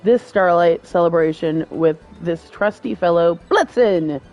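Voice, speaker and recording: A woman's voice: on the low side, unhurried, a little mellow, dull audio, soft background music. A woman reading as a pompous lecturing professor. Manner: formal, quizzing, stumbles on long words. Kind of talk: reading game dialogue aloud.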